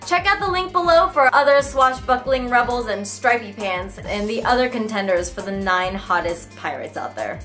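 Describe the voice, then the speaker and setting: A young woman hosting a comedic web news roundup, snarky and playful with quick jokey asides. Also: fairly high pitch, a bit bright, faint music behind. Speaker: show host.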